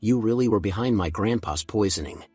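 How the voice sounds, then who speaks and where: A man voicing a cold, supremely confident young male fighter who speaks in calm, clipped threats in a recap story. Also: fairly low pitch, brisk, breathy edge, no echo, faint music behind.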